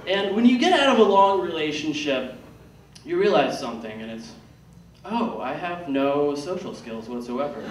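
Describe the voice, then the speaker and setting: A man in his thirties performing a self-deprecating stand-up set, acting out what other people say to him. His voice sits a bit high. He is picked up from a distance in an echoey theater with loud background noise. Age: 30s. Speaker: stand-up comedian. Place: comedy theater stage.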